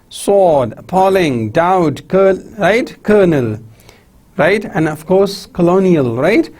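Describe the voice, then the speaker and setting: A male lecturer with a Pakistani English accent reads out pronunciation examples one word at a time. His voice sits high, is a little husky, and moves at an unhurried pace. He calls his listeners "my dear students.". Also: a little mellow. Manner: drills example words with frequent "right?" and "see". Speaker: university lecturer.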